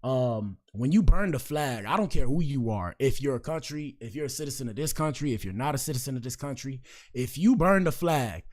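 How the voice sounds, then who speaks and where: Man hosting a podcast, mid-pitched, slangy and joking, rambling asides. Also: lively intonation, fairly quick, darkish tone. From Miami, Florida. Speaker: podcast host. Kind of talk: casual commentary show.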